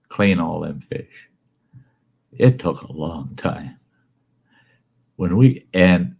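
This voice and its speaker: A man's voice: low voice, vocal fry, a little mellow, husky. A man host telling a folksy, salty story about his own past.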